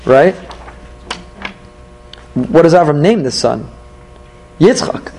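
Man teaching a lively Torah class. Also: on the high side, slow, slight background noise, low-quality recording. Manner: animated, asks questions and answers them himself.

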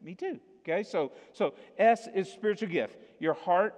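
A man's voice: sits high, expressive, moderate pace, a little mellow. An American man preaching a casual sermon, joking with the congregation and often checking in with "okay?" and "right?". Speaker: pastor. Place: church auditorium. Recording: echoey hall reverb.

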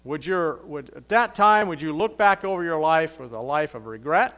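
A man's voice: on the high side, expressive, normal speed, fairly bright tone. A man preaching a sermon in a conversational, plain-spoken way, reading scripture aloud and then explaining it.

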